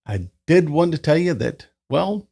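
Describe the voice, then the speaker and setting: A man's voice: unhurried, gravelly, a little hiss or hum. A man hosting a casual beer review, chatting at home into a new microphone. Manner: chatty, relaxed, lively pitch. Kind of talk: casual review with read-out history segment. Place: indoors at home, summer. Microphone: new desk microphone.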